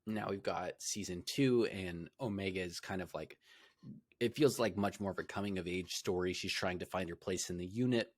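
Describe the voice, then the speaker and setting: A man's voice: low voice, moderate pace, no echo, studio quality. A young man co-hosting a podcast, chatting casually and rambling with many fillers and restarts. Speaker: podcast co-host. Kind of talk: casual chat.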